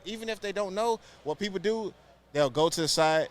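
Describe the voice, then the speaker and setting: A man from Houston, co-hosting a podcast and telling animated stories in casual chat. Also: high voice, fairly quick. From Houston, Texas. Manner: animated storytelling, acts out quotes. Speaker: podcast co-host.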